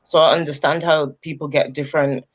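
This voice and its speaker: A panelist from a Caribbean background joins a casual podcast chat, easygoing and agreeable. The voice sits at a middling pitch. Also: steady tone, a little fast. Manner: easygoing, agreeable, many mm-hmms. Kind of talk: casual chat recapping a reality show.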